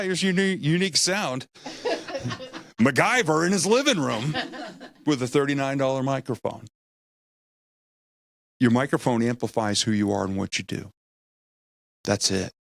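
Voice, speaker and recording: A middle-aged man giving a humorous, energetic motivational talk, acting out quotes as he tells stories. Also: mid-range voice, no room sound. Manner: energetic, animated storytelling with acted-out quotes; humorous, self-deprecating. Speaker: motivational speaker.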